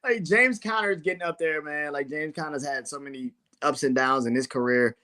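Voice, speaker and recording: Cohost dude, bright kinda high voice, cusses a ton, blunt and laughing it off. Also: male voice, moderate pace. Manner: profane, blunt, laughs between remarks. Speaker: sports podcast co-host. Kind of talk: casual sports talk.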